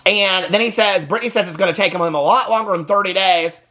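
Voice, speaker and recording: Man, sassy TV recap vlogger, rapid talk, bright edgy voice. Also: high voice. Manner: sassy, animated, keeps adding "okay?". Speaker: TV reaction vlogger. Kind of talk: casual TV recap commentary.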